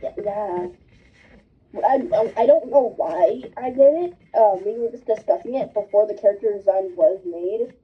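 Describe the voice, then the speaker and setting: A woman's voice: mid-range voice, unhurried, husky. Bubbly woman on a tinny phone line. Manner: bubbly, rambling with fillers. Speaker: host. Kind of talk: casual chat.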